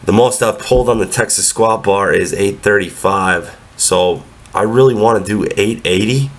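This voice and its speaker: A man's voice: on the low side, moderate pace. A young man with a stuffy nose from a cold, doing a casual, matter-of-fact voiceover about his own training. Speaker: powerlifter vlogger.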